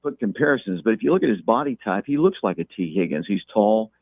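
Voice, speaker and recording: A man's voice: fairly low pitch, expressive, dry recording. Man on a tinny phone line. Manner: measured, repeats words when thinking. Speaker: guest talking local high school football. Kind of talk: phone-in interview.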